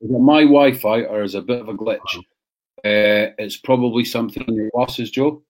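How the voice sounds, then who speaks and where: A man's voice: medium pitch, steady tone, moderate pace. A man hosting a casual livestream, bantering with viewers and swearing freely. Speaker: livestream host.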